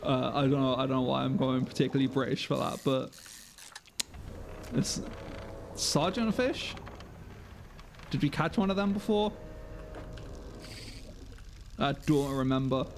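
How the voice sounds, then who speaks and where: A man's voice: mid-range voice, unhurried, vocal fry, long pauses, a little hiss or hum. A man streaming a game live, joking, swearing freely and laughing often. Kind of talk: live gameplay commentary.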